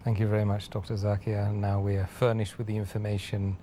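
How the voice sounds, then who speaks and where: A man's voice: on the low side, completely flat delivery, brisk, warm tone, a little hiss or hum. A man hosting an interview, politely thanking his guest and reading out audience questions. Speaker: host.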